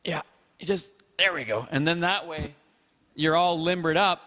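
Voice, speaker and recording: A man's voice: a little high, moderate pace, bright, forceful tone, in a large hall. A man hosting a call-in chat show, talking earnestly and measuredly, with frequent hesitant fillers. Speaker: host.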